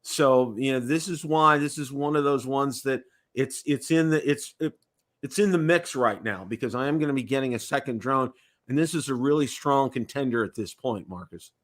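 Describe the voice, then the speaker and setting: An American man hosts a casual livestream chat, rambling, repeating words and checking in with "okay?" His voice is medium-pitched and his pace moderate.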